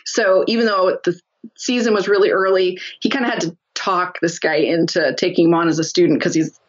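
A woman guest telling a lively story in a casual interview, laughing often as she talks. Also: on the low side, fairly quick, highs cut off.

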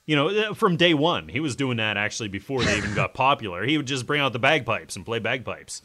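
A man's voice: mid-range voice, big pitch swings, fast, pushed and bright. A man co-hosting a podcast, giving opinionated takes with lots of "you know" and acted-out asides. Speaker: podcast co-host. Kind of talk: casual music review chat.

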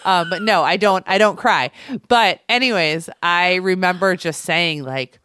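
A woman in her thirties talks candidly on a podcast, her thoughts spilling out with plenty of "like" fillers. Her voice sits low in pitch. The recording is dry and close, with no room around it. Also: unhurried, bright, forceful tone, smooth, no room sound. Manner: candid, rambling with many "like" fillers. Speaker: podcast co-host. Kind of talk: casual podcast chat.

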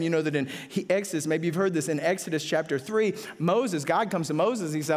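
A man pastor preaching a sermon with passion, repeating phrases and rising to excited peaks. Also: brisk, few pauses. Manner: impassioned, repetitive, builds to excited high-pitched peaks.

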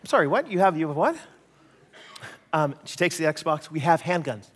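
A Canadian man preaching a sermon, an animated storyteller who acts out voices and jokes at his own expense. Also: fairly high pitch, moderate pace, slightly rough, long reverb tail. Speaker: pastor.

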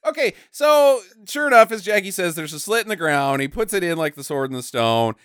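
A woman co-hosting a podcast, recapping a movie in casual chat, animated and mocking and swearing freely. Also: lowish voice, brisk, clear, resonant tone, no room sound, studio quality. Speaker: podcast co-host.

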